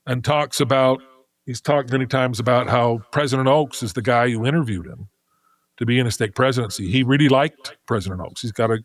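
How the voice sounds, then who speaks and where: A middle-aged man speaking as a podcast guest. He tells a story in a casual, animated way and restarts his sentences as he thinks aloud. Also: mid-range voice.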